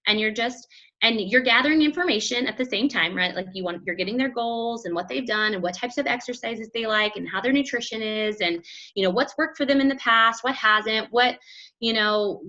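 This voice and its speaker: A woman giving energetic, chatty motivational coaching talk to a group, often acting out quotes. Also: on the high side, a little fast, highs cut off. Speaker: fitness business coach.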